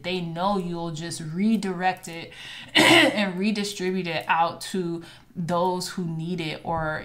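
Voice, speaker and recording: A woman's voice: fairly low pitch, a bit bright. A woman giving a casual, encouraging tarot reading to her viewers, reading card affirmations aloud with chatty asides. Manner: chatty with fillers and asides like "child" and "okay". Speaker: tarot reader.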